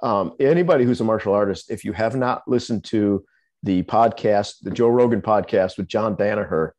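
A man co-hosting a martial arts podcast on a video call, speaking in a measured way with frequent fillers. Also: fairly low pitch, a little mellow. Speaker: podcast co-host. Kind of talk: casual conversation on a video call.

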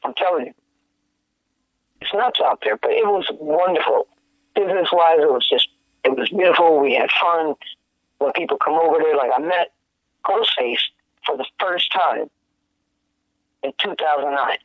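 A man, a guest musician, telling stories in casual chat, animated and slangy, laughing often. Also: a little high, moderate pace, pauses often, no echo. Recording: dry, tinny phone-like sound.

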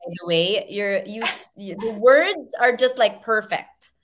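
A woman's voice: mid-range voice, lively intonation, measured pace, crowd noise. A woman hosting a casual chat, answering with friendly, supportive remarks. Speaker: host. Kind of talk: casual video-call chat.

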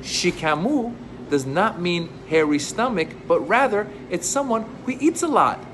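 A man's voice: high-pitched, measured pace, noisy background. A middle-aged man who is a comedian, explaining words in a comic way and acting out exasperated outbursts. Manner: animated, acts out exasperated outbursts.

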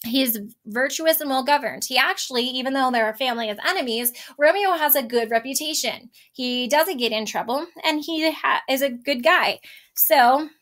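A woman's voice: high voice, normal speed, fairly bright tone. Casual woman teacher explaining a play. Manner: casual, with frequent um and so basically.

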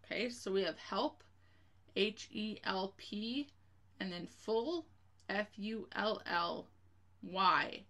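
Patient woman teacher, slow and steady, slightly gravelly, spells words out for kids. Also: mid-range voice. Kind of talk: spelling lesson for children.

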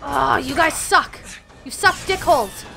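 A young woman hosting a let's-play, chatty and quick to swear and get upset at the game. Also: sits high, animated, creaky, over music. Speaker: gaming channel host. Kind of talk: casual let's-play commentary.

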